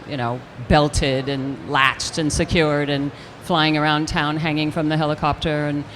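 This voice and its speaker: An older woman, an actress, telling a lively anecdote in an interview, acting out the quotes as she goes. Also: sits low, unhurried, a little hiss or hum. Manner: animated storyteller acting out quotes with restarts. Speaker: actress guest.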